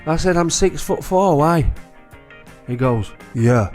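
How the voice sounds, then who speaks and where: Ex-goalkeeper, animated lively delivery, over a music bed. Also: male voice, on the high side, takes it slowly. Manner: loud, animated, sweary, laughing storyteller. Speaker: former goalkeeper. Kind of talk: anecdote telling on a podcast.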